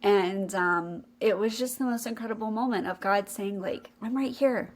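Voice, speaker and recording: A woman's voice: mid-range voice, moderate pace. A young adult woman hosting a podcast, telling a personal faith story in an earnest, emotional way. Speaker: podcast co-host.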